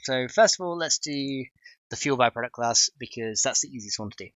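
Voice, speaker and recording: A man's voice: mid-range voice, brisk, a bit bright, dry recording. A man casually chatting on a livestream while coding, reading chat aloud and constantly cracking up with laughter. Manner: giggly, keeps breaking into laughter; reads chat messages aloud. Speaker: streamer.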